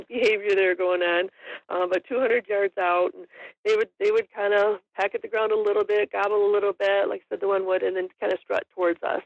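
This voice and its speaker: Woman with a gravelly voice chatting about a hunt, laughs a lot, dry dull sound. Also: medium pitch, no room sound. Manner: chatty, laughs often while telling the story. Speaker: hunting guest. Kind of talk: casual storytelling in an interview. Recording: dull lo-fi audio.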